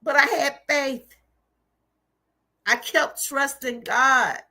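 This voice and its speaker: High, slow woman testifying. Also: pushed and bright. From Georgia, US. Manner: emphatic, repetitive, preacherly. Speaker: channel host. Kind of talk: livestream testimony.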